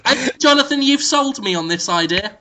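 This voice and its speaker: A man hosting a podcast, pitching outrageous ideas in a deadpan, mock-serious way as casual banter. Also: moderate pace, noisy background. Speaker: podcast host.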